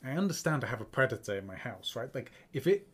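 A man's voice: medium pitch, very animated, fast talker, slightly rough. A man co-hosting a podcast in casual chat, rambling with many fillers and restarts. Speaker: podcast co-host.

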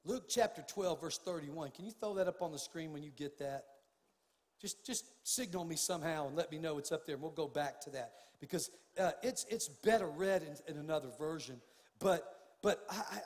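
An older man preaching a sermon as pastor, impassioned, swinging from hushed tones to loud outbursts. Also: high-pitched, in a large hall. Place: church sanctuary.

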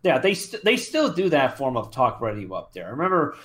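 A man's voice: medium pitch, huge pitch swings, brisk, fairly bright tone. A man in his thirties co-hosting a podcast in casual chat, rambling with many fillers and restarts. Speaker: podcast co-host.

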